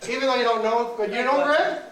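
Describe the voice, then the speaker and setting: Teasing comedian working a loud crowd. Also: male voice, extremely high pitch. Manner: teasing, animated, quick banter with audience. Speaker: stand-up comedian. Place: live comedy venue with audience. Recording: echoey room, mic far, loud crowd.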